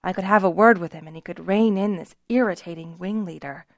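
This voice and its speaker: A woman narrator voicing a dignified middle-aged male lord in a fantasy audiobook, tight and measured with a dry wit. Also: lowish voice, no room sound, lightly acted. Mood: restrained.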